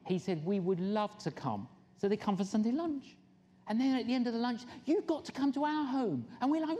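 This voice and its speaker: A woman's voice: a little high, a little fast. A middle-aged woman, preaching a sermon and telling stories, acting out the people she quotes. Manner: animated storyteller, acts out quoted people with laughs. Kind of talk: sermon storytelling.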